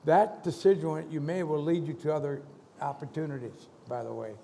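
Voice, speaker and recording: A man's voice: a little high, brisk, gravelly, slight background noise. A man in his seventies, a motivational speaker telling a story on stage and acting out the dialogue with animation. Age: 70s. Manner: animated, acts out dialogue in quotes. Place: conference hall stage. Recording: large hall reverb.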